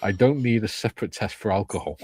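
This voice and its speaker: A man's voice: fairly low pitch, quick pace, a little mellow, slightly rough, no echo. Older man reading chat aloud. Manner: jokey, reads out chat comments. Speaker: livestream host. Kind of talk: casual livestream chat.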